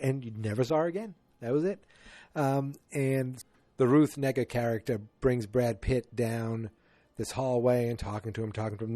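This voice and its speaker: A man's voice: medium pitch, dark tone, dry recording. A man hosting a podcast, casually retelling a movie plot in a rambling way and acting out quotes from the characters. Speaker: podcast host.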